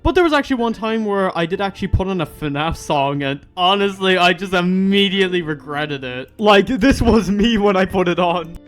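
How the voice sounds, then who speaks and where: A young Irish man telling a ranting storytime vlog about school, animated and full of "like". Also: sits high, normal speed, hardly any pauses, faint music behind. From Ireland. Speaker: vlogger.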